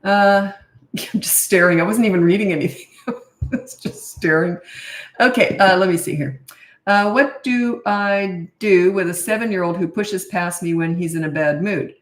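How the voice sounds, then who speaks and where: This is a casual advice Q&A from a middle-aged woman who coaches parents, her voice on the low side and her pace moderate. Blunt and matter-of-fact, she adds chatty asides, heard through a roomy echo.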